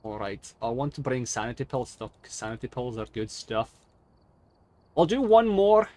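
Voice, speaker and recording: Man voicing a brash swearing ghost hunter, loud show-off game persona. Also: mid-range voice, sing-song, moderate pace, lightly acted. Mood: musing. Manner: boastful, profane and loud. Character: brash cursing male ghost hunter, boastful. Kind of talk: gaming stream commentary.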